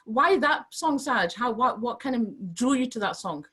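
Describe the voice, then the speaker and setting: A woman hosting an interview, effusive in her praise and halting, with many restarts. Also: fairly high pitch, expressive, a bit bright, husky. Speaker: show host, interviewer.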